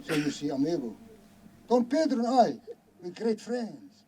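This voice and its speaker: Heavily acted and very animated, this man's voice sits high with a dark tone and a breathy edge as he unhurriedly tells a yarn as a boastful farmer, using mock Spanish-flavored broken English and tacking on "eh?" Recorded noisily in a live hall at a reunion skit before an audience.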